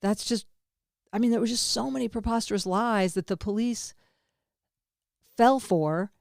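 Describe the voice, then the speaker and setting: A woman's voice: a little high, moderate pace, gravelly, a little mellow, no echo. Candid rambling woman, dry close sound. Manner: rambling, candid, swings between laughter and grief; swears casually. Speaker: podcast host. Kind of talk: personal monologue.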